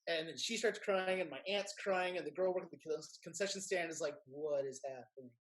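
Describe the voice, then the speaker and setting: A man from Kentucky with a Kentucky accent, a filmmaker guest telling a story in a casual interview, lively and quick to act out what others said. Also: high-pitched. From Kentucky, USA. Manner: animated storyteller, acts out quotes in raised voices.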